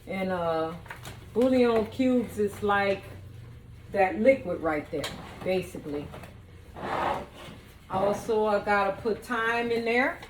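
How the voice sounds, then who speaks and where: A woman's voice: mid-range voice, expressive, slow pace, pauses often, background noise. A woman cooking in her home kitchen, chatting playfully and talking straight to her viewers. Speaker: home cook and vlogger. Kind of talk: casual cooking demonstration.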